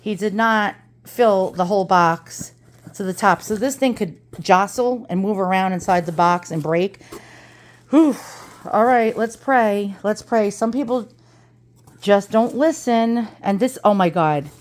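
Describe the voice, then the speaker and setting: In a casual unboxing vlog, an East Coast American antiques reseller talks with dramatic flair and a loose mouth, swearing freely. Her voice is medium-pitched and her pace measured.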